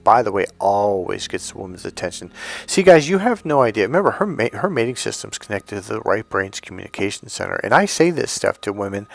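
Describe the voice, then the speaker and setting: Low-voiced, blunt, swearing male coach. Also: creaky. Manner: blunt, profane, acts out both sides of conversations. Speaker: dating coach. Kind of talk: storytelling to camera.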